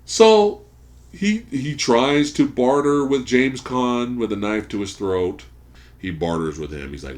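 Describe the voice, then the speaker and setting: A man hosting a podcast, casually recapping a movie plot as an animated storyteller who swears freely. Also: medium pitch, unhurried. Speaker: podcast host. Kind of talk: casual movie review chat. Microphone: studio podcast mic.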